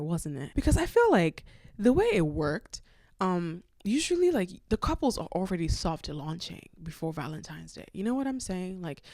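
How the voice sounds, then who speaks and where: Expressive woman podcast host, low voice. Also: no room sound, studio quality. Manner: candid and expressive, swinging between loud bursts and hushed asides. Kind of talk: solo podcast storytelling.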